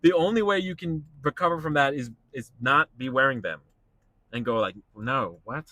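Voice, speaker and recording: A young man with a bright, forward tone rants in his car, incredulous and animated, with his voice jumping up as he acts out other people. He talks in a loose, casual way, full of fillers and exclamations. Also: fairly high pitch, a little fast, no room sound. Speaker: stand-up comedian vlogging. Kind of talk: casual rant while driving.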